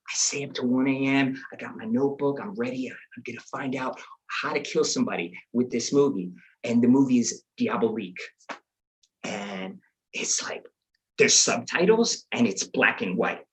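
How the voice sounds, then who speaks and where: A man's voice: medium pitch, normal speed. A man, from the Bronx, telling a comic personal story to an audience and acting out his own inner voice.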